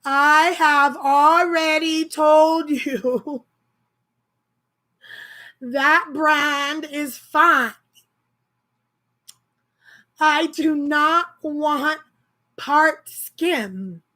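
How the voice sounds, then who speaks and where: A demanding woman customer, fed up and snapping out each word slowly and loudly, as a storyteller puts her on. The voice sits high and bright, with clipped, emphatic delivery. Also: exaggerated voice, rough recording. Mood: irritated. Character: curt, irritated woman grocery customer.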